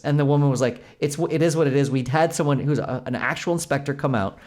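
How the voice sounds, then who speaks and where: A man's voice: medium pitch, very fast. A young adult man co-hosting a podcast, chatting casually and acting out the people in his story. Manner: animated storytelling, acts out quoted exchanges. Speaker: podcast co-host. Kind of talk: casual chat.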